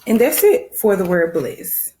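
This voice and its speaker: Warm and very animated, a woman with a medium-pitched voice talks a little slowly. She teaches first grade with a Southern American accent, patiently leading young children through a phonics lesson and repeating what she tells them.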